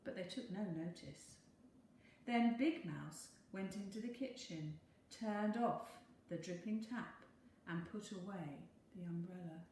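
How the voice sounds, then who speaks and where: A woman teacher reading a picture book aloud in a slow, expressive storytelling voice. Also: on the low side. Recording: very echoey room, faint hum.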